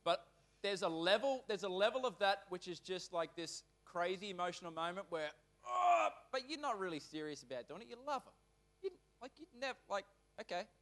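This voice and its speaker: A male pastor preaches in church, his fairly high voice moving at a fairly quick clip. He alternates reading scripture with loose, animated remarks, frequently swinging abruptly between loud and quiet.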